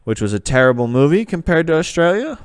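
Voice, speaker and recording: A man's voice: on the high side, sing-song, fast, smooth. An American man hosting a comedic vlog, mock serious and rambling with fillers. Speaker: vlogger.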